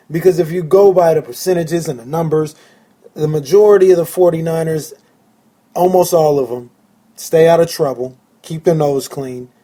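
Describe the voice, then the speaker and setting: A man hosting a solo sports fan podcast, his voice pitched a little high yet mellow and soft-edged. He talks with keen excitement and heavy emphasis, often repeating a phrase to drive it home. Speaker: podcast host.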